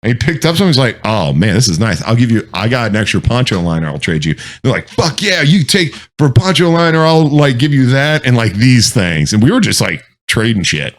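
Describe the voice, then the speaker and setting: A man's voice: medium pitch, sing-song, fairly quick, hardly any pauses. A man, a military veteran, telling rambling, profane anecdotes in casual chat. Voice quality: swears freely, rambling anecdotes.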